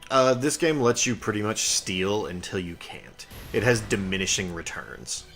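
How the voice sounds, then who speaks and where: A man's voice: lowish voice, animated, moderate pace, a bit bright. A young man casually commenting on his gameplay and explaining game mechanics. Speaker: let's play host. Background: game music.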